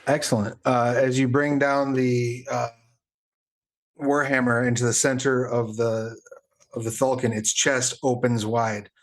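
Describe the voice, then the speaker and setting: A man running a tabletop game as game master, pausing often with fillers while he works out damage rolls. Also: mid-range voice, little pitch movement. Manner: halting, with many fillers while tallying damage.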